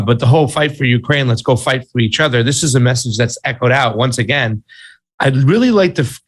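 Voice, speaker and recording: A man co-hosting a political commentary show, blunt and exasperated, with slangy asides. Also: medium pitch. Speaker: co-host.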